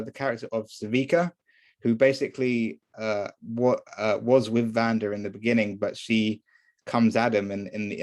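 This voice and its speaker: A man casually recapping a TV episode, hesitant, with many fillers and restarts. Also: on the low side. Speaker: show reviewer.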